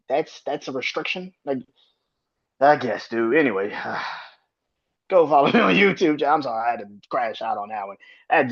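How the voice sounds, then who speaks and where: A man in his thirties hosting his own sports podcast, talking loosely and swearing freely, his voice jumping high when he rants. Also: muffled recording. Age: 30s. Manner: loose and profane, rants with sudden high-pitched outbursts. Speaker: podcast host. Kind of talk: casual solo sports podcast.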